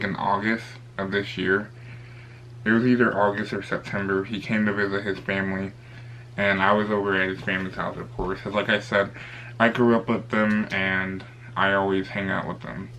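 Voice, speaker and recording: Young man with a gravelly low voice. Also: fairly bright tone, a little hiss or hum, low-quality recording. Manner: rambling, retells dialogue with lots of "I'm like". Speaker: YouTuber. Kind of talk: casual storytime vlog.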